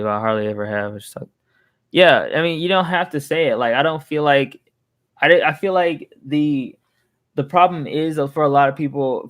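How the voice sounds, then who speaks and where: A young man venting in a casual, rambling monologue, heated and swearing freely, often restarting his sentences. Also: medium pitch. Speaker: vlogger.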